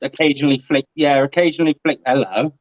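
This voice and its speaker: A man talks in a lively, chatty way, his voice sitting a little high. He is on a video call, and the sound comes through muffled and lo-fi with no room echo. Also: fairly quick. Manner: chatty and animated. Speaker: guest. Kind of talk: casual live-stream chat.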